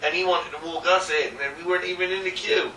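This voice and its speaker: A man's voice: high voice, fairly even intonation, fast talker, pushed and bright, slight background noise. A man from England, co-hosting a casual chat, telling a story hesitantly with ums and restarts. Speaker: co-host. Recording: roomy echo, mic at a distance.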